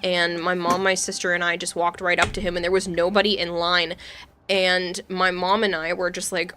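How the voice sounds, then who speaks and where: A woman's voice: fairly low pitch, flat delivery, moderate pace, noisy background. A young adult woman streaming, telling stories in a chatty way and laughing often. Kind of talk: casual gaming stream chat.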